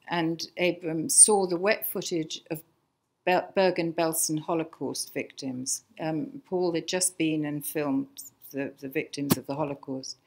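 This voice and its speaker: Chatty older English woman, lowish voice. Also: a little slow. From England. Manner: chatty, anecdotal, with fillers and restarts. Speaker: lecturer, designer's daughter. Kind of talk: illustrated public talk. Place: archive lecture room before an audience.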